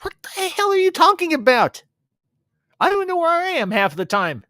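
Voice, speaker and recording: A brash, foul-mouthed young stoner yelps in a high, pushed-up voice, as a man puts him on while retelling a film. He sounds loud and excitable, and the voice is close and dry. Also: measured pace, no echo.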